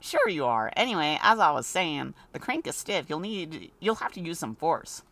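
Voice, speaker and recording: A woman's voice: deep voice, wildly swooping pitch, moderate pace, gravelly, a bit bright, exaggerated voice. A woman reading the part of a pedantic male doctor's assistant in a video game, dry and lecturing.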